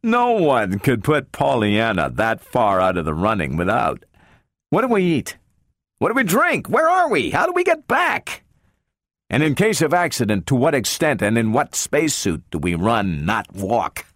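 A man voicing an excitable male space engineer who complains sarcastically and often bursts into exclamations. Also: fairly low pitch, moderate pace, few pauses, no room sound, studio quality. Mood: sarcastic.

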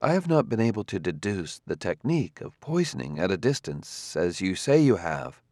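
A male audiobook reader voicing a calm, courteous humanlike male robot who speaks in a measured, grave way. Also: deep voice, no echo, clean studio sound. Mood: composed. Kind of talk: audiobook character voice.

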